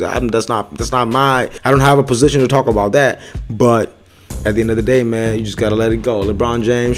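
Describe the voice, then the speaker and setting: A man's voice: mid-range voice, darkish tone. A young man hosting his own show, talking in a loose, casual monologue full of street slang and filler asides. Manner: loose street slang, keeps tossing in "bro" and "son".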